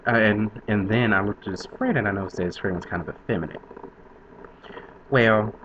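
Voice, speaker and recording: A man's voice: on the low side, brisk, a bit bright, a little hiss or hum. Sassy young man in lo-fi audio. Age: 20s. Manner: chatty, sassy diva flair, laughs often. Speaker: vlogger. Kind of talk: casual storytelling to camera.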